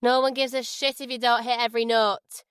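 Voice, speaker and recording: A woman's voice: fairly high pitch, little pitch movement, fairly quick, a bit bright, clean tone, no room sound, studio quality, close to an everyday voice. Woman putting on a sneering drunk man. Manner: sneering, sarcastic.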